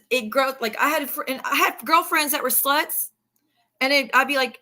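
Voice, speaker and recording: A woman's voice: high-pitched, fairly quick, pushed and bright. A woman talking casually on a livestream, rambling as she reads her messages aloud. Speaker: streamer.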